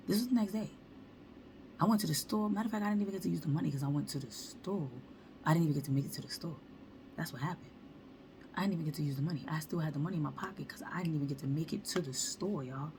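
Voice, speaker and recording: A woman with a low voice tells a storytime monologue straight to her viewers. She talks in animated slang and acts out every quote, with a faint hiss of noise behind her. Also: gravelly. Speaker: vlogger.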